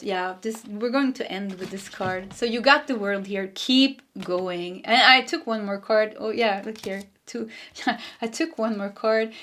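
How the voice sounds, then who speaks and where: A woman's voice: medium pitch, normal speed, a bit bright, a little hiss or hum. Chatty woman reading tarot. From Sweden. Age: 40s. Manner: chatty, laughs often, wanders off mid-sentence. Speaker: tarot reader.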